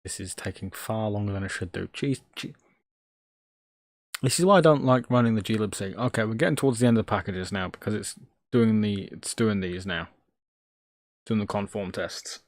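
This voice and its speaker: A man's voice: on the low side, no room sound. A man streaming live, talking to himself, exasperated and joking, swearing freely. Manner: exasperated, muttering at a slow computer. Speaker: Linux livestreamer. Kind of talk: casual live-stream self-talk.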